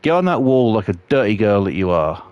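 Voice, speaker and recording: A man's voice: lowish voice, very animated, fairly quick, a little mellow, clear, resonant tone, no room sound, highs cut off. Sweary man ranting on stream. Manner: profane, ranting, heavy swearing. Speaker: game streamer. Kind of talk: live gameplay stream chat.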